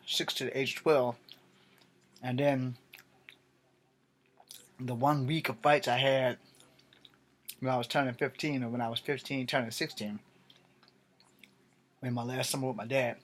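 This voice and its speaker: A man's voice: medium pitch, fairly bright tone. A tired middle-aged man ranting bluntly to camera late at night, rambling and swearing freely. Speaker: vlogger.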